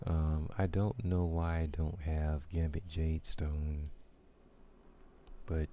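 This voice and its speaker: A man's voice: extremely low pitch, level tone, slow pace, lo-fi sound, slight background noise. A man giving casual gameplay commentary, thinking aloud with hesitant ums and restarts as he weighs his options. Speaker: gaming video creator.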